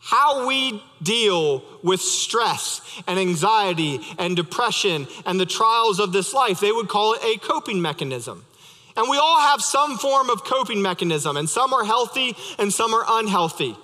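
A man's voice: sits high, expressive, a little slow, sharp tone. A young adult male pastor preaching a sermon, conversational and storytelling with light humor, in a church sanctuary. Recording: reverberant church hall.

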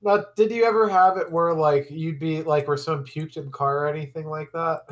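Guy with a bit high voice asking the guest stuff, chill podcast chat. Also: fairly even intonation, a little fast. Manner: curious, asks follow-up questions.

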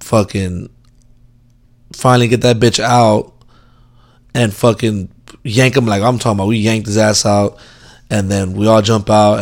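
A young man telling a drunken story in a casual, rambling way, swearing constantly and filling his talk with fillers. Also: fairly low pitch. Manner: laid-back, amused.

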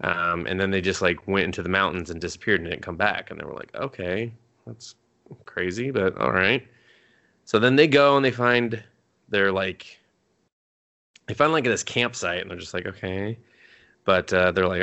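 A man's voice: low voice, normal speed, gravelly, pauses often, pushed and bright. A man co-hosting a podcast, loosely recapping an anime episode in a rambling, profane, filler-heavy way. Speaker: podcast co-host.

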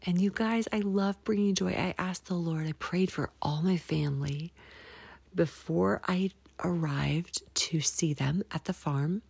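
A woman's voice: on the low side, measured pace, creaky, darkish tone, breathy edge, no room sound. A woman from the United States hosting a casual podcast monologue, chatty and rambling, often sinking to a near whisper, with prayerful asides. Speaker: podcast host.

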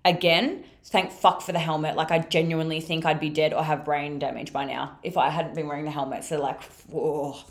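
A woman's voice: deep voice, fairly even intonation, a little fast, few pauses. Sweary young Australian woman telling a story. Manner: chatty, sweary, filler-heavy with frequent "like". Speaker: podcast host. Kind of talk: casual storytelling monologue.

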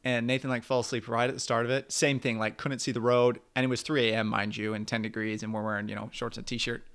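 Male podcast co-host, casual relaxed chat, smooth clear voice, mid pitch. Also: fast. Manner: relaxed, offers short reactions and then tells his own story.

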